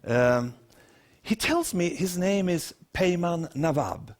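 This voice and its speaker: Swedish guy telling a story on stage, voice a bit high, does little acted quotes. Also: expressive, takes it slowly. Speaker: keynote speaker. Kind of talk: storytelling talk to an audience.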